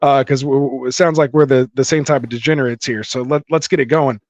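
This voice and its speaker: A man with a medium-pitched, steady, darkish voice talks fast as he hosts a live fantasy football stream, reading comments aloud and leaning on fillers. The recording comes from a dull, dry lo-fi mic with no room sound.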